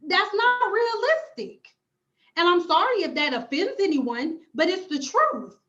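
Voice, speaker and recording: Brief: high-pitched woman, blunt profane livestream rant, slightly dull lo-fi audio. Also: very animated, unhurried, fairly bright tone. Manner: blunt, emphatic, profane, repeats phrases for emphasis. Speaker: hair care YouTuber and cosmetologist.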